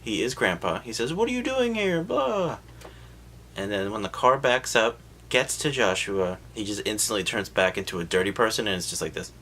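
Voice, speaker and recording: Animated, bright-voiced sarcastic man. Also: lowish voice, moderate pace, slight background noise. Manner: sarcastic, profane, puts on voices for quotes. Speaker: film recap host. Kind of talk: comedic movie recap.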